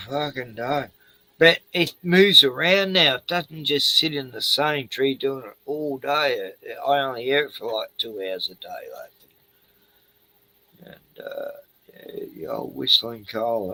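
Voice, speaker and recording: A man's voice: medium pitch, a little slow, bright, forceful tone, poor audio. A man in a rambling casual chat, swearing freely, laughing and trailing off mid-sentence. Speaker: host reacting to a video.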